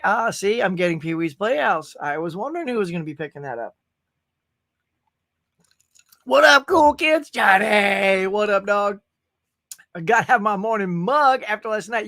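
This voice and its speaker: A man's voice: sits high, pushed and bright. A middle-aged man hosting a casual live stream, chatty and upbeat as he reads out viewers' comments. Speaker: host.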